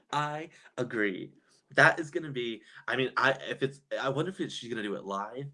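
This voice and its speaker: A man chatting casually on a live stream, gossipy and quick to laugh, reading viewers' comments aloud and reacting. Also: mid-range voice, sharp tone.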